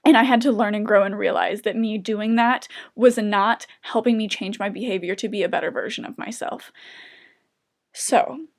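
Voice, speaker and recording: Emotional woman telling her recovery story. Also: mid-range voice. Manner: emotional, halting, with restarts and pauses. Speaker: vlogger sharing recovery story. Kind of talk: personal confessional monologue.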